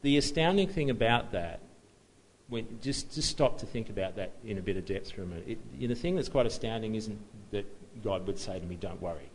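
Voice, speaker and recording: A man's voice: fairly low pitch, expressive, a little fast, a little hiss or hum, low-quality recording. A man preaching a sermon in a conversational, self-deprecating way, often restarting and chuckling at himself.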